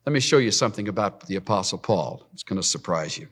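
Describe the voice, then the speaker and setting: A man preaching a sermon, telling the story in an animated way and acting out scripture. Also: sits low, fast, slightly rough.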